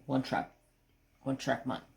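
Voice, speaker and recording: A woman hosting a craft channel, telling a rambling, animated story with mild cursing. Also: rumbling low, unhurried, gravelly, background noise. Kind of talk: casual storytelling while crafting.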